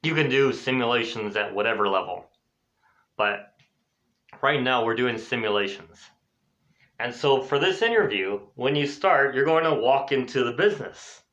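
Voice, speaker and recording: Upbeat male teacher, lo-fi recording. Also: moderate pace. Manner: lively, voices example phrases in a raised pitch. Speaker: English teacher. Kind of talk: classroom explanation. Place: lives in Spain. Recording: dull lo-fi recording.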